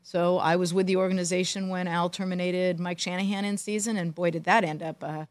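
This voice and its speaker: A woman co-hosting a podcast, a former team executive telling animated stories with dry jokes. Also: on the low side, a little fast, dry recording. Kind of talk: casual storytelling chat.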